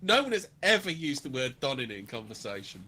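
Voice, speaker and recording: A man's voice: medium pitch, very animated, a little fast, sharp tone, a little hiss or hum. A man co-hosting a casual podcast, cutting in with crude, mocking banter. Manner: swearing banter, mocking interjections. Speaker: podcast co-host. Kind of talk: casual chat.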